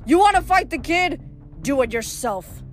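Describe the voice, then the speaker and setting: A woman's voice: high voice, lively intonation, normal speed, faint music behind. A woman voicing a tired, grumbling male cowherd in a storybook reading.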